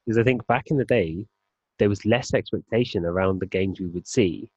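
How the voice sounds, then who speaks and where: A man co-hosting a casual podcast chat, laying out his argument in a measured way. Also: on the low side, slightly rough, no room sound. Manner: measured, arguing a point calmly. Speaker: podcast co-host. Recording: dull lo-fi sound, dry.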